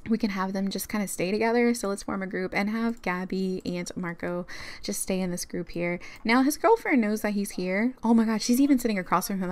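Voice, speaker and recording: A young woman narrating a life-sim game story in a chatty way, full of fillers. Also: medium pitch. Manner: chatty, uses lots of fillers, laughs often. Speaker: gaming youtuber.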